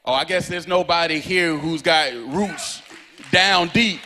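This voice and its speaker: A man's voice: a little high, unhurried, bright, forceful tone, a faint crowd, slight background noise. A man preaching a sermon to a live congregation, repeating lines and breaking into a sung, whooping cadence. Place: church sanctuary before a live congregation.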